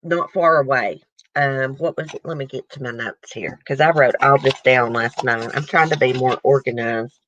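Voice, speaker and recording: Woman, chatty talk host, bright forceful voice, dry close sound. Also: rumbling low, normal speed, no room sound, highs cut off. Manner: emotional, chatty, addresses viewers. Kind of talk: casual chat reacting to news clips.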